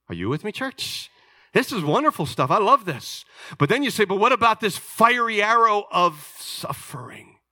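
A man preaching a sermon as pastor, explaining patiently and swinging between loud emphasis and hushed, low asides. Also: no echo, studio quality.

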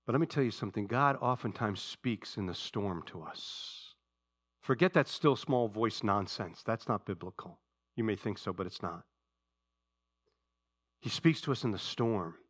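A male pastor preaching a sermon with passion, dropping to a hush and then rising loud. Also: lowish voice, normal speed, slightly rough. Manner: impassioned preaching, swinging between hushed and loud.

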